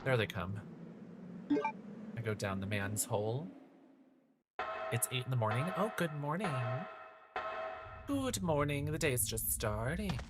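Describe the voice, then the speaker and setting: A woman's voice: a bass voice, animated, measured pace, long pauses, over loud music. A woman livestreaming a horror game, chatting in a campy, sassy way and answering her viewers. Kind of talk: casual livestream commentary.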